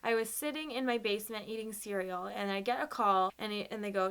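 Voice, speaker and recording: Young woman, bright, slightly high voice; emotional storytime, halting and teary. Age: young adult. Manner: emotional, halting, many fillers and nervous laughs. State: close to tears. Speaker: vlogger. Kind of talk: personal storytime.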